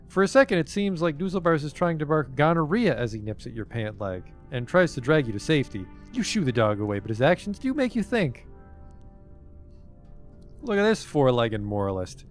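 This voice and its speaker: A man's voice: a little high, very animated, normal speed, faint music behind. Young man reading game text with wry asides. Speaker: streamer. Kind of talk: game stream narration and commentary.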